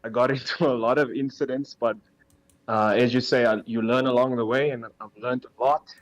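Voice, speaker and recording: A man's voice: mid-range voice, fairly even intonation, moderate pace. A man who has just won a sim racing event, answering interview questions and laughing with happiness. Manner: overjoyed, laughing between words. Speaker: winning sim racing driver. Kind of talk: post-race interview over a call.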